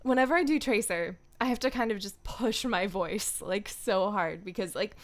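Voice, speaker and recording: A woman's voice: mid-range voice, moderate pace. A woman voice actor chatting casually on a stream, rambling and laughing often.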